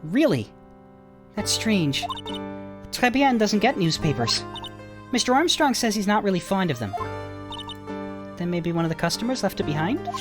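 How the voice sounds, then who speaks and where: A woman's voice: mid-range voice, lively intonation, normal speed, long pauses, music in the background, close to an everyday voice. A woman voicing a cheerful young female police officer, talking in a bubbly, swooping way. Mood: upbeat.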